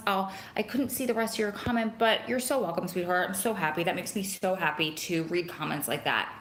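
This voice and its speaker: A chatty woman talks into her phone on a live stream and rambles from one thing to the next. Her voice is bright and forward. The room around her is echoey. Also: lowish voice, a little fast, few pauses. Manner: greets viewers by name, chatty and rambling. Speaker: vlogger hosting a live stream. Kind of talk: casual live-stream chat. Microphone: phone camera.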